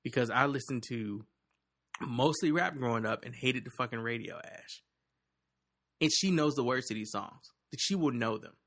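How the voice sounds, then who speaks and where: Bright-voiced, profane man in casual chat. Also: medium pitch, normal speed. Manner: profane, teasing, animated storyteller.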